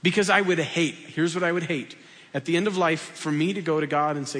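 Casting: male pastor, high-pitched voice, chatty self-deprecating sermon, long hall reverb. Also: brisk, fairly bright tone. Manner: conversational, self-deprecating, acts out dialogues.

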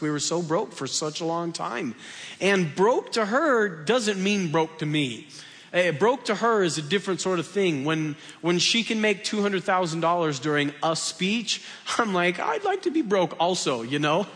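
Casting: male pastor, high-pitched voice, chatty self-deprecating sermon, long hall reverb. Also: bright, forceful tone. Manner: conversational, self-deprecating, acts out dialogues.

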